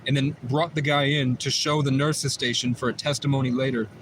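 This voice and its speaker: A man's voice: mid-range voice, steady tone, fairly quick, noisy background. A man on a livestream telling a long personal story in a rambling, repetitive way, often restarting his sentences. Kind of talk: livestream monologue.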